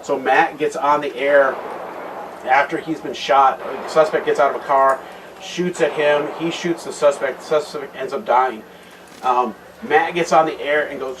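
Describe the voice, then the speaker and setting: A man giving a conversational talk at a men's retreat, retelling a Bible story with many restarted phrases and a quieter voice for serious points. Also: medium pitch. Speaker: guest speaker at a men's retreat. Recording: distant mic with loud background noise.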